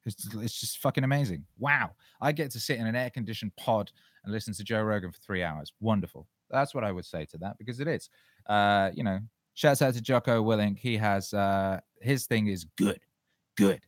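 Man host, lowish voice, dry close sound, loose sweary rambling chat. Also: fairly quick, no echo. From England. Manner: loose, profane, rambling with frequent restarts. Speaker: podcast host answering listener questions. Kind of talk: casual solo chat.

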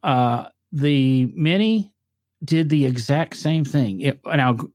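A man's voice: mid-range voice, animated, slow pace, a little mellow, no echo, studio quality. A man with a northern US accent, chatting casually about cars with rambling, filler-heavy storytelling. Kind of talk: casual chat.

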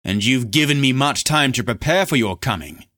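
Man doing stern young prince, clipped and defiant, bright forceful tone. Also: medium pitch, expressive, normal speed, no room sound, studio quality, pitched above the performer's own voice.

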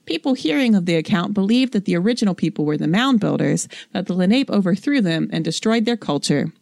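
A young adult woman co-hosting a casual chat podcast, reading notes aloud in a matter-of-fact way and slowing down on names. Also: fairly low pitch, animated, vocal fry, a little mellow, dry recording, clean studio sound. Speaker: podcast co-host.

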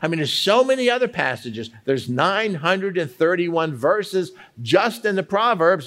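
A man with a fairly high voice that swings up and down a lot teaches a Bible study method. He keeps asking questions aloud and drags out key words to stress each one. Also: sing-song, fairly bright tone. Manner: emphatic, slows to stress single words; asks many questions aloud.

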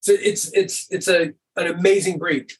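A middle-aged man chatting as a podcast guest, relaxed and rambling, with lots of "and stuff". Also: high voice, normal speed. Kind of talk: casual conversation.

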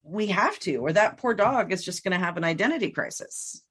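A woman hosting a casual conversation who backs her guest up with quick agreement and short remarks. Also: on the low side, expressive, fairly bright tone, breathy edge. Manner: agreeable, lots of short backchannels.

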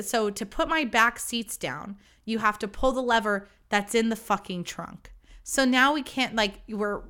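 A woman's voice: on the high side, pushed and bright, clean tone. A young woman hosting her own podcast, telling a story in a chatty, self-deprecating way and swearing freely. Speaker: podcast host. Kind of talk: casual storytelling monologue.

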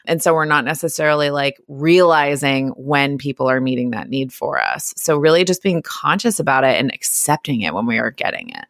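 Low-voiced chatty woman, dry sound. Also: expressive, fairly quick, few pauses, fairly bright tone, no room sound. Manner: chatty, lots of "like", acts out quotes. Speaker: podcast guest, therapist. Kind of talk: casual podcast chat.

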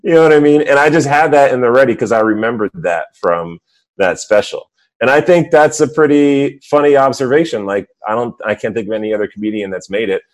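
A man's voice: mid-range voice, fairly quick. A man hosting a casual chat, loose and candid, with lots of "like" fillers.

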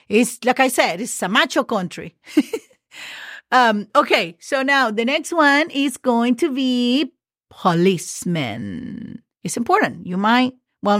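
A woman's voice: on the high side, dry recording, clean studio sound. Chatty woman teaching. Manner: chatty, playful, spells words letter by letter. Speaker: Spanish teacher. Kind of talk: podcast language lesson.

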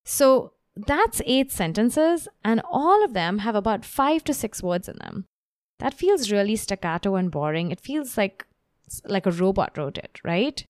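A woman's voice: medium pitch, big pitch swings, a little slow, dry recording, clean studio sound. A woman copy coach teaching writing tips in a spoken lesson, reading example copy aloud with expression. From grew up in Bombay, India. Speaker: copy coach and podcast host.

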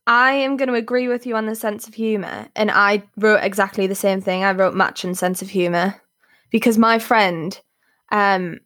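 A woman's voice: medium pitch, fairly bright tone. Giggly young woman co-hosting a podcast. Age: young adult. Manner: bubbly, giggly, shy by her own words. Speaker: podcast co-host. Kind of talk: casual chat.

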